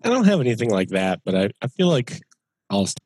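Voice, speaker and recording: A man's voice: lowish voice, very animated, fairly quick, darkish tone, breathy edge, dry recording. A man from Massachusetts, a podcast guest on a video call, with dry self-deprecating humor. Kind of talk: casual podcast chat over a video call.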